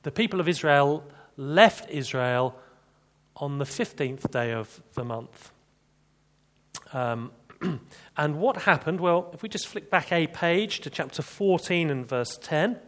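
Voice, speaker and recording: A man's voice: a little high, animated, slow pace, fairly bright tone. A man preaching an expository sermon, chatty, with rhetorical questions and dry humor.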